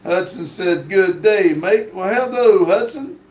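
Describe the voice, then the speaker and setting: A man's voice: high voice, takes it slowly, a little mellow. A man hosting a live stream, reading viewer comments aloud and stopping often on fillers. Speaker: livestream host. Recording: echoey room.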